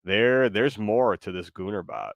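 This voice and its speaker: A man's voice: on the low side, measured pace, vocal fry, no room sound, lo-fi sound. A man hosting a live stream, chatting casually with lots of fillers. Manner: rambling, many fillers. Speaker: streamer host.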